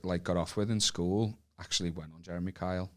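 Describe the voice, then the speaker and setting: A man's voice: sits low, steady tone. A young northern English man co-hosting a podcast, telling stories in casual chat with frequent restarts and casual swearing. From northern England. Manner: halting restarts, dry storytelling, swears. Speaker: podcast co-host.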